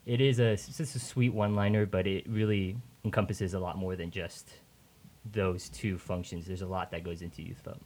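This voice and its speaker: A young man answering interview questions on a radio show, relaxed and joking, a bit rambling. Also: low-pitched, normal speed. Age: young adult. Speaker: youth group member, guest. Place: radio studio.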